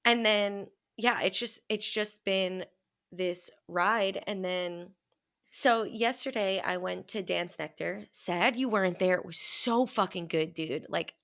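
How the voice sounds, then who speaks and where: Gravelly woman telling stories animatedly. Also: mid-range voice, slow. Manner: animated storytelling, acts out her own quotes, swears casually. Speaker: podcast co-host. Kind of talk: casual chat.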